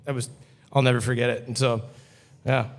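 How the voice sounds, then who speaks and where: A man's voice: mid-range voice, flat delivery, a little fast. A man who is a podcast guest, telling a story in a loose, cursing, casual way full of "like". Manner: loose and profane, heavy use of "like". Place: brewery taproom. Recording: long hall reverb.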